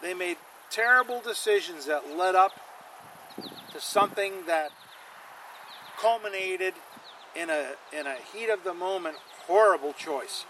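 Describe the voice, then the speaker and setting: A male pastor delivering a sermon in a high, bright voice. He leans hard on key lines, repeats them for weight, and draws the congregation in. A faint hiss of noise sits underneath. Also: unhurried, pauses often, low-quality recording. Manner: emphatic, repeats lines for stress, calls on the congregation.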